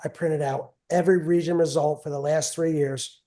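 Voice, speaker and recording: Middle-aged man, guest coach: rambling, repetitive storyteller, slightly high voice, warm tone. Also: steady tone, moderate pace. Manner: rambling, repeats phrases, chatty and self-mocking. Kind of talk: casual storytelling interview.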